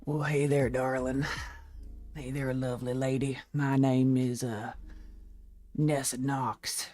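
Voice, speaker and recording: A woman voicing a boastful, swaggering cowboy man with a slow, deliberate drawl. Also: a bass voice, little pitch movement, mellow, soft background music, pitched below the performer's own voice.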